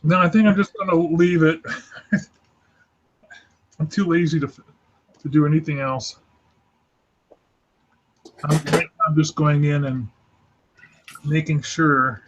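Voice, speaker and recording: A man's voice: on the high side, fairly even intonation, takes it slowly, long pauses, a little hiss or hum. A man chatting casually and rambling a little while he draws, talking with fellow cartoonists on a group call. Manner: chatty, rambling, self-deprecating. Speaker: host of an online drawing group. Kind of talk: casual chat while drawing. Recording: lo-fi voice call audio.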